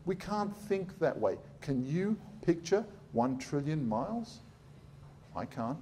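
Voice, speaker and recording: A man's voice: a little high, big pitch swings, slow, mellow, a little hiss or hum. A middle-aged man, a surgeon giving a blunt, sarcastic public talk.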